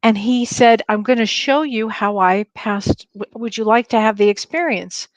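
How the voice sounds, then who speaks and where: A woman's voice: on the high side, normal speed, no room sound. A woman co-hosting a livestream talk show, sharing a story in an earnest, eager way. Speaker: co-host. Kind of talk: casual chat on a livestream show.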